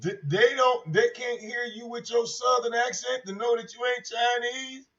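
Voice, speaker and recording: A high-voiced man holds forth on his own livestream in a brash, profane and mocking way, circling back over the same points. His voice comes through dull, lo-fi stream audio. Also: fairly even intonation, normal speed, a bit bright. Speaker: livestream host. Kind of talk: casual livestream rant.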